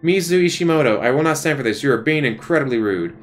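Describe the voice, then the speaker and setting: A man's voice: medium pitch, expressive, fast, faint music behind, lightly acted. A man voicing a stern, fussy schoolteacher who scolds in a prim, self-important way while reading a visual novel aloud. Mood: scolding.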